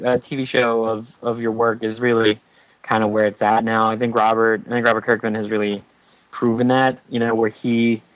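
A man's voice: mid-range voice, dry recording, dull audio. A man talking casually as a podcast guest, with a wry, teasing manner. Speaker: podcast guest, comic writer. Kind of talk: casual chat.

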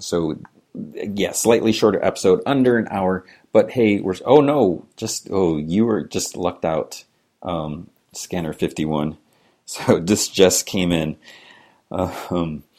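A podcast host on his own, low-voiced and a little mellow, talks casually while going through listener emails. His delivery wanders, peppered with chuckles and frequent "you know" fillers.

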